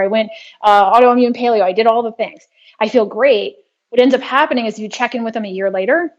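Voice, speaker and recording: A woman guest in an interview, explaining her work earnestly and telling a personal story in a steady way. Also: a little high. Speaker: guest, trauma healing practitioner. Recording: dull lo-fi sound.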